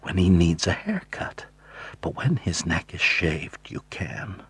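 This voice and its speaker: A man's voice: sits low, sing-song, slow, fairly bright tone, slightly rough, full character voice. A man voicing a frightened, insistent small-town woman in an audiobook, in an urgent hissing whisper. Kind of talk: audiobook character voice.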